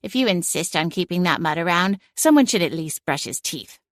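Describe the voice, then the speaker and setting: A woman putting on a bossy, sharp-tongued female cat. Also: fairly high pitch, lively intonation, unhurried, no room sound, studio quality, pitched above the performer's own voice. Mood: grumbling. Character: sassy talking female cat, bossy and vain. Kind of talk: audiobook character voice.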